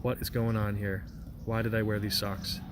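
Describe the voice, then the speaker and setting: A young man streams live from a park, goofing around and rambling as he jokes through the chat messages he reads aloud. His voice is fairly low and level, at an ordinary pace, with a little noise in the background.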